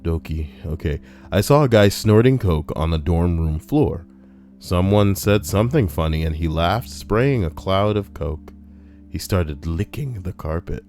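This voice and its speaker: A young man casually reading a list aloud on a live stream and chatting with viewers, animated and prone to ranting in put-on voices. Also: measured pace. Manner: animated, breaks into high-pitched put-on voices and rants. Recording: soft music underneath. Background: soft background music.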